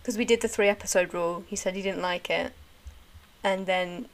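A woman's voice: on the low side, flat delivery, fairly quick. A young woman, chatting casually and enthusiastically, full of "like" fillers. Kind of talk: casual chat.

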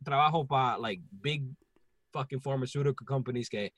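A man with a Puerto Rican accent, telling a story in casual podcast chat, profane and animated. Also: mid-range voice, a little fast, dry recording. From Puerto Rico.

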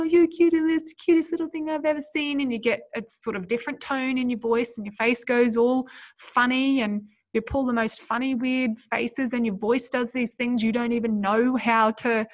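A woman hosting a solo podcast, coaching mothers in an earnest, encouraging way and speaking straight to her listeners. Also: on the high side.

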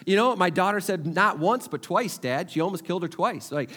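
A middle-aged man preaching a sermon as a pastor, animated, repeating his phrases and asking the crowd questions. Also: high-pitched, brisk.

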